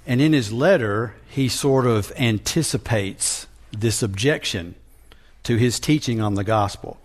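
A man preaching a sermon, teaching from scripture in a deliberate manner with frequent restarts. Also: medium pitch.

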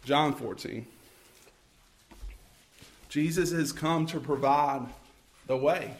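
A male pastor delivers a sermon at an unhurried pace, his voice sitting a little high. He talks in a conversational way, correcting himself and making asides. He acts out little scenes and then rises into fervent appeals. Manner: preaching with rising intensity, acting out scenes.

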